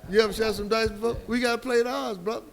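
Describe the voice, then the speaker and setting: A man's voice: sits high, steady tone, quick pace, creaky. A man on a discussion panel, telling stories and making his point in an emphatic, preacherly way. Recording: hall reverb with faint background noise.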